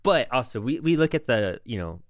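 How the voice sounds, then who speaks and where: A man's voice: mid-range voice, sing-song, brisk, no echo, clean studio sound. A man co-hosting a podcast in a casual chat, rambling with lots of fillers. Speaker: podcast co-host.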